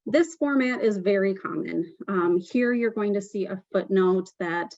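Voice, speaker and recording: Woman presenter, mid pitch, steady explanatory delivery with fillers, dry muffled webinar sound. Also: measured pace, no room sound.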